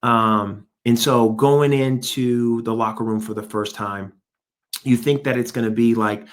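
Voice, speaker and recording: A man's voice: medium pitch, fairly even intonation, unhurried. A middle-aged man, a former pro football player, telling his story in an interview with an emphatic, motivational manner. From United States. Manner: emphatic, motivational, quotes himself and others. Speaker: guest, former NFL player and speaker.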